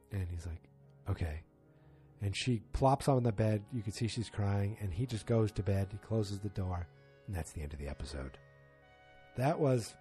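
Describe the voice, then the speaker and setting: A man casually recapping a TV episode in a rambling way, acting out the characters' lines as he goes. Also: medium pitch. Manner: rambling, animated, quotes characters.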